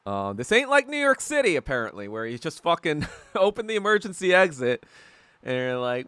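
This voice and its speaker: Rambling young man, bright and animated. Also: fairly high pitch, a little fast, no room sound. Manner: rambling storyteller, laughs often, swears a lot. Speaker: podcast host. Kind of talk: casual livestream chat while eating.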